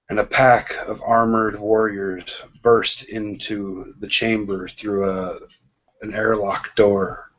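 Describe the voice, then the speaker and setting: Slow, low-voiced man narrating a game. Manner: slow, hesitant narration with many ums and restarts. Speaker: game master. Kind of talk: narrating a tabletop role-playing game. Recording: dull lo-fi sound.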